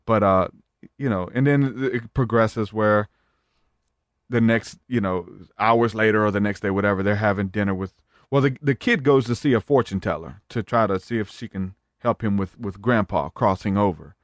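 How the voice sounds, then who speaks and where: A man's voice: on the low side, moderate pace, no room sound, clean studio sound. A man as a podcast guest, retelling a story in a rambling casual way with many fillers.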